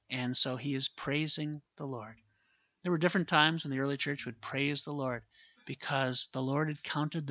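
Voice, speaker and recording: A man's voice: medium pitch, sharp tone, dry recording, highs cut off. A man preaching a sermon as a pastor, earnest and emphatic, repeating his key phrases for weight.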